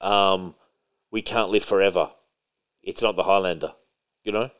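A man's voice: low-pitched, fairly even intonation, normal speed, clear, resonant tone. A man co-hosting a casual podcast about comics and movies, rambling and emphatic, swearing now and then. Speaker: podcast co-host.

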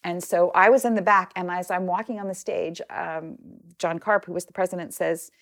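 Low creaky-voiced woman telling a story. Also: normal speed. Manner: chatty, many ums, quotes others in lively asides. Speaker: interview guest. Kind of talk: casual storytelling.

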